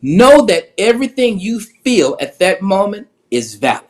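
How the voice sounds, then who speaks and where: A woman speaks as a guest on a talk show, driving her points home with an emphatic, preacher-like cadence. Her voice swings widely in pitch around a middle register, and she turns teasing in the banter. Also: big pitch swings, normal speed. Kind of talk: casual chat.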